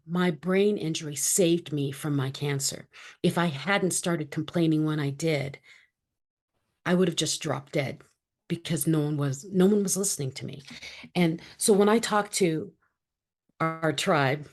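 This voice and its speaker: Middle-aged woman guest, slightly low voice, lively storyteller who plays every voice in her tale. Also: unhurried. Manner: animated, acts out quoted dialogue. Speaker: interview guest. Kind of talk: personal storytelling.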